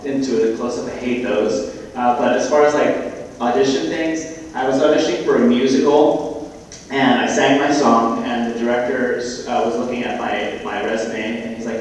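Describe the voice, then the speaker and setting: A man tells stories as a guest at a live panel, casual and quick with jokes. He sounds distant from the mic, with heavy hall reverb. A faint hum of the room sits underneath. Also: medium pitch, steady tone. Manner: joking, quick asides. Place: live festival stage in a large hall. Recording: echoey hall, far from the mic.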